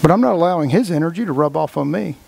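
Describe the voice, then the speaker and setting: A man's voice: a little high, lively intonation, fast talker, vocal fry, darkish tone. A man giving a casual motivational talk to a group as its leader, blunt and folksy, swearing freely and acting out the voices of the people he quotes. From Texas.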